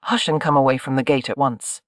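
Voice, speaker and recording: A narrator voicing a bitter woman in her forties who speaks crisply and with reproach, in an audiobook. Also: mid-range voice, fairly even intonation, fairly quick, no room sound, clean studio sound, close to an everyday voice. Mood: cold, reproachful. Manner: crisp, accusing.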